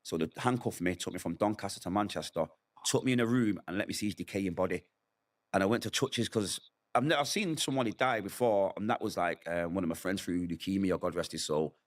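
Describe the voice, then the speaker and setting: Fairly quick and low-voiced, a middle-aged interview guest lays out his personal hardships. He talks with raw candor and emotion, acting out what others said along the way.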